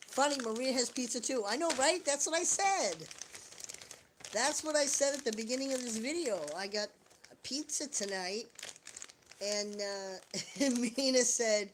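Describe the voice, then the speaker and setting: A woman's voice: fairly high pitch, moderate pace, a little hiss or hum. A woman chatting casually on a livestream, rambling, joking and swearing a lot. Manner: profane, rambling, jokey. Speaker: live streamer.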